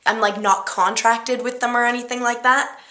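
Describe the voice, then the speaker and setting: A woman's voice: on the high side, steady tone, normal speed, pushed and bright. A young woman from Canada with a girlish voice, chatting casually to the camera at home, easily distracted and giggly. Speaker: vlogger. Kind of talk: casual chat.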